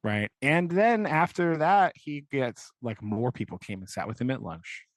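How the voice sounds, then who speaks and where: A young man co-hosts a podcast and recaps a novel in a loose, casual way. His speech is packed with fillers and frequent checks of "right?". His voice sits at an ordinary mid pitch and is recorded dry and close. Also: expressive, measured pace, no echo. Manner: rambling, filler-heavy, keeps asking "right?". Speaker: podcast co-host. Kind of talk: casual book discussion.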